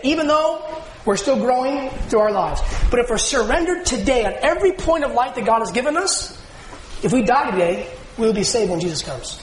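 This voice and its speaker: High-voiced man preaching in an echoey room. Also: lively intonation, brisk, a crowd in the background. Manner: call-and-response preaching, asks the congregation questions. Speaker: pastor. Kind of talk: sermon.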